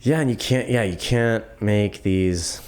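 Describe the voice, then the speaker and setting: Deep-voiced young man telling stories. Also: measured pace. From Florida. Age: 20s. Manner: relaxed, rambling storyteller with laughs and fillers. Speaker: guest filmmaker. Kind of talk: casual podcast chat.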